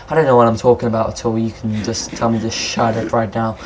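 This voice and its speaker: Excitable rambling man gaming. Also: fairly low pitch, fast, hardly any pauses, background noise. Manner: excitable, rambling, swears at monsters. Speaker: gameplay commentator. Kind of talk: casual let's-play commentary.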